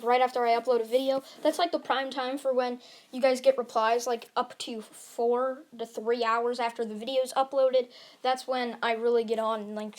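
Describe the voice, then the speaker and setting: Girl rambling thru her anime fan story, kinda high voice, says like a lot. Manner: rambling, heavy on "like", self-correcting. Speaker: YouTube storyteller. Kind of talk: casual fan-fiction narration.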